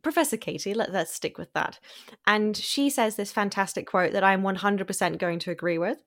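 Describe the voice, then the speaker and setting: A woman's voice: medium pitch, moderate pace. A woman co-hosting a podcast, talking in a blunt, indignant way and swearing now and then. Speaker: podcast co-host. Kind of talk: casual review chat.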